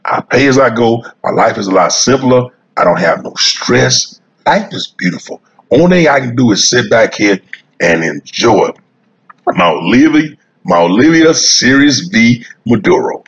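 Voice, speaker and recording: A man's voice: medium pitch, expressive, moderate pace, dull audio. A man vlogging about cigars, rambling in a folksy, repetitive way and chuckling as he talks straight to his viewers while he smokes outdoors. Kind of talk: casual rambling monologue. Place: sitting outdoors smoking a cigar.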